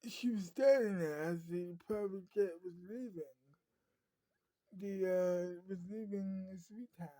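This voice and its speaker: A woman telling an improvised story in a rambling, halting way with many fillers. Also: medium pitch, dark tone, no echo.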